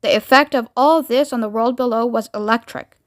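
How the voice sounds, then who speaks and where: A woman narrating a children's book aloud with expressive storytelling. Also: on the high side, brisk. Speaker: book reader.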